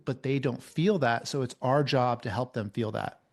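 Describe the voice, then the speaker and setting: A man's voice: medium pitch, normal speed, darkish tone. A man speaking as a guest coach on a men's mentoring video call, emphatic and repeating his key phrases. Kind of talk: motivational coaching talk.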